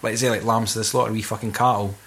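A man's voice: on the low side, level tone, quick pace, fairly bright tone. A young Scottish man in casual, sweary conversation about a film. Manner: sweary, laughing, slips into mock voices.

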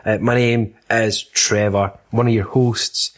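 A man's voice: on the low side, flat delivery, slow. A Scottish man hosting a film podcast in casual chat, full of giggly, sweary banter. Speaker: podcast host.

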